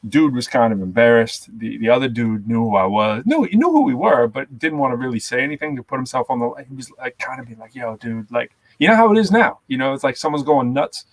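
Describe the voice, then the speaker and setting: Man, Massachusetts accent, gravelly, dry close recording, animated storyteller. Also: medium pitch, quick pace, few pauses, dry recording. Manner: animated storyteller, acts out quotes. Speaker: podcast co-host, rapper and educator. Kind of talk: casual storytelling chat.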